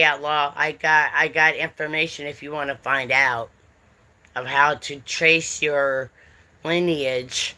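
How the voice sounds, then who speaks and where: A woman's voice: deep voice, pushed and bright. A middle-aged woman, chatting casually on a livestream and greeting viewers by name. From United States. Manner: chatty, drawling, talks to chat readers by name. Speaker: livestream host.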